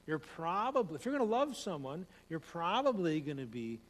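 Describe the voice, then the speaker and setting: A man's voice: fairly high pitch, very animated, moderate pace. A man preaching a conversational sermon as pastor, repeating phrases and speeding up as he tells stories. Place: church sanctuary. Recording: long hall reverb, faint hum.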